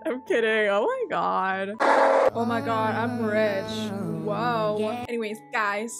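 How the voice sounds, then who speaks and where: A woman's voice: a little high, takes it slowly. A young woman vlogger giving playful, giggly game commentary with dramatic outbursts. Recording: loud background music. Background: loud music.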